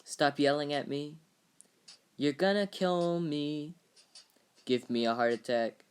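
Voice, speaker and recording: A man's voice: fairly high pitch, slow pace, clean tone. A man voicing a frail, fretful old mother who rambles wistfully, in a parody dub of a film script.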